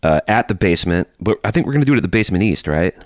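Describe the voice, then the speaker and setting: A man's voice: deep voice, lively intonation, very fast, no echo, clean studio sound. A man co-hosting a podcast in casual, joking chat, reading from his notes. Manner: chatty, joking, reads notes aloud. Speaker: podcast co-host.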